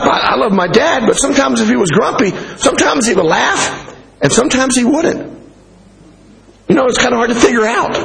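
An American man preaching a sermon, animated and humorous, telling stories with frequent chuckles. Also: very high voice, gravelly, poor audio.

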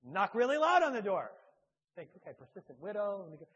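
A man, a church speaker and author, telling a humorous personal anecdote in a halting, self-deprecating way. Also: high-pitched, big pitch swings, fairly bright tone, husky, muffled recording.

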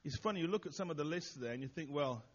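A man with a slightly high voice reflects on the sermon, halting often with "uh"s and restarting his sentences. He pokes fun at himself as he talks it through. The recording sounds dull and lo-fi. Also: expressive. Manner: hesitant, with many "uh"s and restarts, self-deprecating. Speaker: church leader responding to the sermon. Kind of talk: informal reflection after a sermon.

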